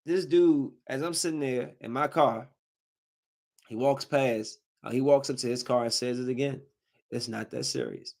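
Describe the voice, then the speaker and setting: A man hosting a podcast, ranting heatedly in casual speech, his voice climbing toward a shout as he gets angry. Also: medium pitch, fairly even intonation, moderate pace. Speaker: podcast host.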